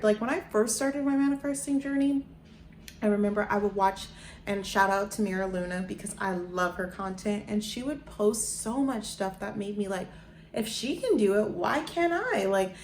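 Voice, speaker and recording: A woman's voice: medium pitch, a little mellow, reverberant, slight background noise. A woman vlogging in a casual, effusive chat to camera, full of "like" and "guys". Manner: chatty, effusive, lots of "like" and "guys". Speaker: lifestyle vlogger.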